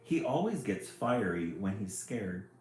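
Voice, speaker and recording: A man's voice: lowish voice, big pitch swings, measured pace, darkish tone, a little hiss or hum. A man voicing a worried mother dragon searching for her baby, pleading. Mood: anxious. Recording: very echoey room, faint music.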